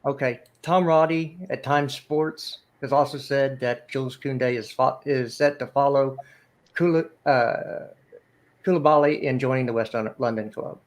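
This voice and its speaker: A man on a fan livestream making his points in a measured, deliberate way, sometimes stumbling over names. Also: medium pitch. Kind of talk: casual debate.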